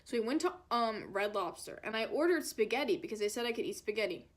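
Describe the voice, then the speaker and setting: A woman's voice: a little high, lively intonation, fast. Chatty young woman telling a dramatic storytime. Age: young adult. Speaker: vlogger. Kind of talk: storytime vlog.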